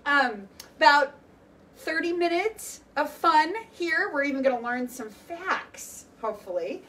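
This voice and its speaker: A young woman leading an animal-themed exercise class speaks in a high, pushed, bright voice, animated but measured in pace. Chatty and encouraging, she breaks into playful animal noises; her voice comes from a distance with faint workout music and slight background noise.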